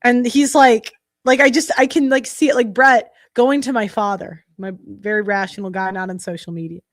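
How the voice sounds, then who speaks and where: Fairly high in pitch yet fairly even in intonation, a young woman hosts a livestream at normal speed, casual, blunt, heated and profane, with frequent restarts. The sound is clean studio quality without echo.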